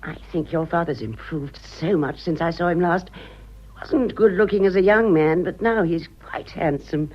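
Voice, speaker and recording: A woman's voice: fairly low pitch, normal speed, close to an everyday voice. An actress playing a gushing, whimsical society lady. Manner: gushing, chatty, upper-class British. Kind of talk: radio drama acting. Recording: dull lo-fi radio drama.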